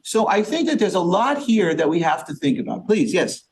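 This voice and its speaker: A man's voice: sits high, sing-song, normal speed, a little mellow, a little hiss or hum. A man, a rabbi, leading an interactive Torah study class, quizzing the group with questions and using Yiddish and Hebrew terms. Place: synagogue study session with a small group.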